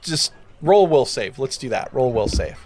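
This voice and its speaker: A man narrating as game master of a tabletop game, casual and animated. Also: mid-range voice, normal speed. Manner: casual, animated storytelling with many fillers.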